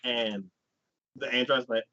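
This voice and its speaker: A man's voice: medium pitch, steady tone, background noise. A man hosting an anime talk show, chatting casually and rambling through a plot recap with lots of "like" and restarts. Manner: rambling, heavy use of "like", quick restarts. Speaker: anime podcast host. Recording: dull, lo-fi sound.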